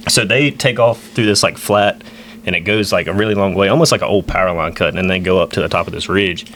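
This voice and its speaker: A man telling a long hunting story on a podcast in a rambling, animated way, full of "like" and "you know.". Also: low-pitched, fast talker, a little hiss or hum. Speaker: guest.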